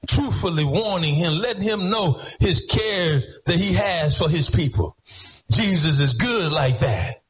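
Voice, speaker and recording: A pastor preaching a sermon in church, rhythmic, swinging between half-sung phrases and shouted lines. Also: male voice, on the high side, expressive, unhurried, soft background music, rough recording.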